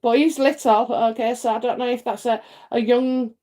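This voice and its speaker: A middle-aged woman from England hosts a live psychic stream, talking in a loose, rambling way with plenty of fillers and repeated phrases. Her voice sits a bit high for a woman. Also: steady tone, moderate pace, warm tone. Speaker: psychic livestream host. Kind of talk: casual livestream chat and readings.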